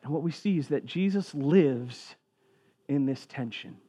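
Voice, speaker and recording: A male pastor delivers a sermon in an easygoing, conversational tone. His voice sits a touch higher than most men's. When he reads scripture aloud, he drops low and quiet. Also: a little slow, slightly rough.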